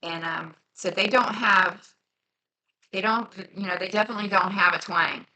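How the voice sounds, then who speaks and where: A woman's voice: medium pitch, normal speed, bright, forceful tone, low-quality recording. A woman with a light Southern twang, chatting in a rambling way while she crafts on her vlog. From near Cincinnati, across the Ohio border. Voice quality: rambling, chatty, full of fillers. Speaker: journaling crafter. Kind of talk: casual crafting vlog chat.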